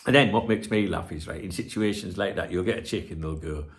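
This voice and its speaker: A man's voice: low voice, normal speed. A middle-aged man hosting a football channel, talking casually to his viewers in a cheeky, swear-filled rant. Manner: swears a lot, animated and cheeky. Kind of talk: casual ranting chat to viewers.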